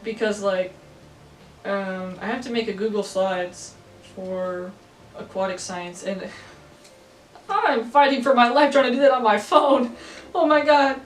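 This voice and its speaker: A teenage girl rambling casually in a chatty, giggly way, sometimes breaking into excited squeals. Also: mid-range voice, a little slow, long pauses, a little hiss or hum. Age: teens. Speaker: vlogger. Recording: echoey room from a distance, faint music.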